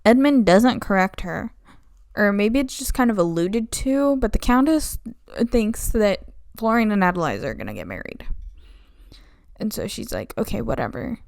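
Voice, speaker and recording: A woman's voice: mid-range voice, very animated, moderate pace, vocal fry, a little mellow, clean tone, no room sound, studio quality. A young woman recapping a play's plot in a flippant, sarcastic, casual way. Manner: flippant, sarcastic, slipping into mock voices. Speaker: video essayist.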